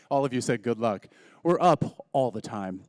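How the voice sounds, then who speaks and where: This keynote speaker, a man in his thirties, jokes his way through a conversational story at normal speed. His mid-range voice is animated and slightly mellow, captured dry with clean studio quality.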